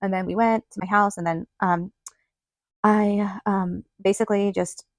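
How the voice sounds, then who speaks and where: A woman's voice: mid-range voice, level tone, measured pace, dry recording. A woman hosting a podcast, telling a personal story in a chatty way, full of "like" and quoted dialogue. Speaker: podcast host. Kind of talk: casual storytelling monologue.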